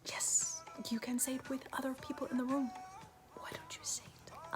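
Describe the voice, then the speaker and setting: A woman medium in trance, giving a channeled message as a collective "we" in a slow, hushed, often whispered, repetitive delivery. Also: high voice, soft background music. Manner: speaks as a collective "we".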